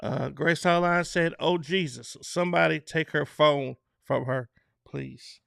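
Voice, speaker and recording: A man's voice: a little high, measured pace, vocal fry, a bit bright, clear, resonant tone, no room sound, studio quality. A man hosting a casual live stream, reading out viewer comments in a loose, chatty way and laughing between them. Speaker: online show host.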